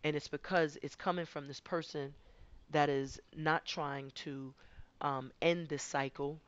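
A woman's voice: deep voice, steady tone, unhurried, dry recording, highs cut off. A woman giving a conversational spiritual tarot reading, rambling and often repeating her words. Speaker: tarot card reader.

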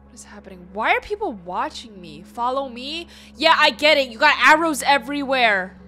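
A woman's voice: sits high, animated, normal speed, bright, forceful tone, faint music behind. A young woman hosting a gaming channel, reacting to the game as she plays, easily startled, talking to the game and her chat with gasps and exclamations. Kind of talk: casual let's-play commentary.

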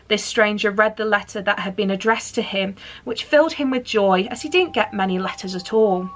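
A woman's voice: mid-range voice, fairly bright tone. Playful woman reading a Christmas story. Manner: playful, chatty asides. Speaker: storyteller, channel host.

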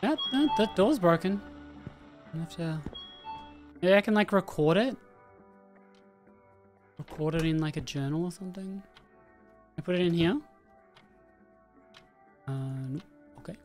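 Fairly low-pitched and a little mellow, a streamer speaks unhurriedly and pauses often while playing a horror game. She keeps up relaxed let's-play chatter, thinking aloud and addressing the characters, over faint game music.

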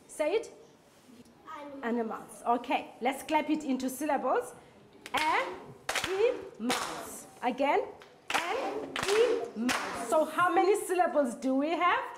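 High-voiced woman teaching phonics. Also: lively intonation, background noise. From South Africa. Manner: slow, repetitive, drawing out words while clapping. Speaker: foundation-phase teacher. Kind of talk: phonics lesson for young children. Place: classroom.

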